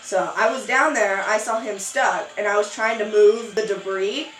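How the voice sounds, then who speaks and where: A young woman vlogger telling a story in a casual chat, animated and acting out quotes. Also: roomy sound, rough recording. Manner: animated, acts out quotes with sudden high squeals.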